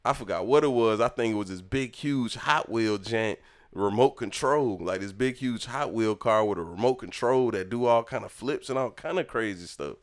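A young man telling a lively childhood story in casual chat, acting out the people in it. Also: fairly low pitch, normal speed. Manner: animated, acts out voices in his story. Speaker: storyteller talking with his mother.

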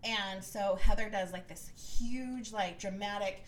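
A woman co-hosting a podcast, casually recapping a reality show and telling the story with lively, acted-out quotes. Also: medium pitch, measured pace, a little hiss or hum, low-quality recording. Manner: animated storytelling, acts out quotes in raised voices. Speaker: podcast co-host.

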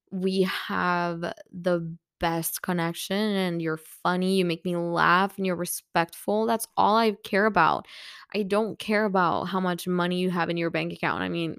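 A woman's voice: fairly low pitch, gravelly, no room sound, clean studio sound. A woman in her twenties hosting a podcast in casual, candid chat. She has an American-leaning English accent and laughs often between thoughts. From Nordic Europe. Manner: candid, chatty, laughs often, many fillers. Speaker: podcast host.

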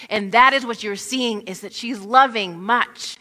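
A woman giving an expressive Bible teaching, acting out the scenes she describes. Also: on the high side, unhurried, hardly any pauses, in a large hall. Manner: expressive, acts out scenes in quoted voices.

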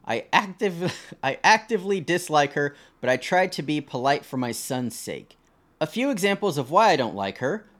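Lively young man reading posts aloud. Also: a little high. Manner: animated, swears freely, laughs and jokes about the posts. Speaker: podcast co-host. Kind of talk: casual podcast reading and reacting to online posts.

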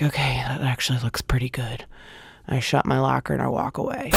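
A woman's voice: low-pitched, no room sound, studio quality. A woman comedian telling a stand-up story, breaking into exaggerated voices for other people. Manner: acts out characters in loud squealing voices.

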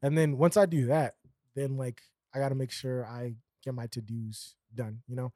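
A man's voice: mid-range voice, flat delivery, moderate pace, dark tone, dry recording, clean studio sound. A man co-hosting a podcast in casual chat, rambling with fillers and laughing often. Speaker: podcast co-host.

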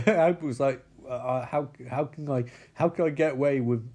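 A man casually recapping a show, rambling and profane, slipping into quick character voices. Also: mid-range voice, darkish tone.

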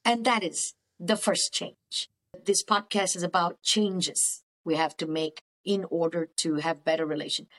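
A woman's voice: fairly low pitch, fairly even intonation, a little slow, fairly bright tone. A middle-aged woman therapist giving emphatic, preachy faith-based counselling advice as a podcast guest.

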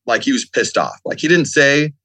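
A man's voice: medium pitch, expressive, normal speed, sharp tone, dry recording. A middle-aged man telling a long story in a casual podcast chat, rambling with many fillers and acted-out quotes. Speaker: podcast guest.

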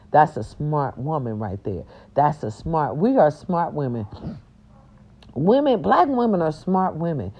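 An older woman from the South, ranting brashly to her vlog viewers and growling now and then. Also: lowish voice. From American South. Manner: animated and brash, growls and breaks into song. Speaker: vlog host. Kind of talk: casual rant to viewers. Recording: dull lo-fi audio.

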